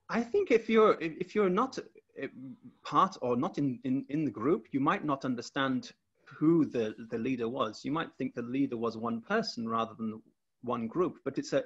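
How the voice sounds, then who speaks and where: A man's voice: mid-range voice, slightly rough, dull audio. A man presenting his research over a video call, explaining step by step with frequent restarts.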